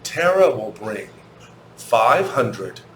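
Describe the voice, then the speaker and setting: American man, English teacher, slow deliberate pace, repeats and spells out words, echoey room, faint hum. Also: fairly low pitch, very animated, fairly bright tone. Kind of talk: recorded English grammar lesson for children.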